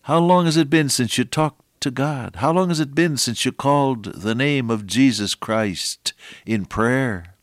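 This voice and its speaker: An older man preaching a sermon, moving between hushed storytelling and raised, emphatic exhortation with slow, deliberate phrasing. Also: mid-range voice, dry recording, clean studio sound.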